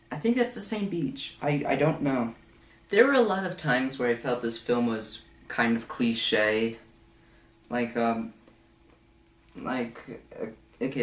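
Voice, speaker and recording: Young man rambling through a film review, echoey room. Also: mid-range voice. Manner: rambling, full of fillers and asides, slips into quick mocking voices. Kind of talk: casual film review vlog.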